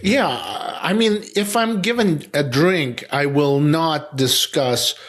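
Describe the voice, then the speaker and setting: A man's voice: a little high, animated, a bit bright. Rambling man with a Russian accent. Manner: rambling, halting, many fillers and restarts. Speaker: editor and podcast host. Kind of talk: casual conversation.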